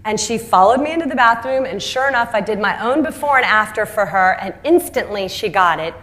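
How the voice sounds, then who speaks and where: A middle-aged woman telling her founder story as a lively speech, acting out the voices of people she quotes and laughing often. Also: mid-range voice, fairly quick. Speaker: entrepreneur and speaker.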